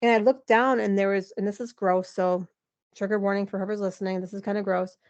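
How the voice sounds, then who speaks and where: A woman in her forties, a podcast guest, telling a personal story in an animated, emotional way, with lots of "like" and some laughter. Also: medium pitch, fast, dull audio. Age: 40s. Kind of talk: candid interview storytelling.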